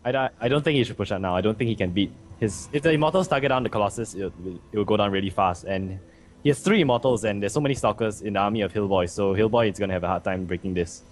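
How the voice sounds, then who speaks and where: A man's voice: on the low side, fast talker, slight background noise. A man giving live play-by-play commentary on a strategy game, explaining each move steadily. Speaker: game caster.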